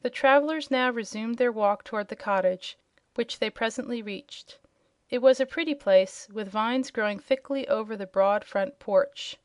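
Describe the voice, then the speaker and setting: A woman narrating a children's audiobook chapter in a clear, steady storytelling voice. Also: a little high, normal speed, no room sound, studio quality.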